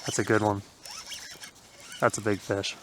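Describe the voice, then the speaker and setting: A man vlogging his fishing day outdoors on a river, talking casually to viewers with excited exclamations and laughter. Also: on the low side, measured pace, noisy background.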